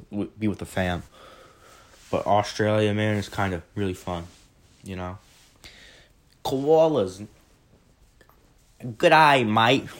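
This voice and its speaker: A young man in his late teens answering questions in a casual vlog, rambling and correcting himself, recorded on a phone. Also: fairly low pitch. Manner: rambling, self-correcting, chatty.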